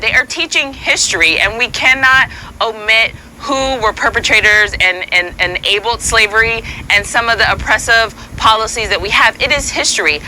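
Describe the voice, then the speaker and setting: A woman's voice: a little high, bright, forceful tone, slight background noise, rough recording. A woman arguing her point as a guest in a broadcast panel debate, firm and insistent.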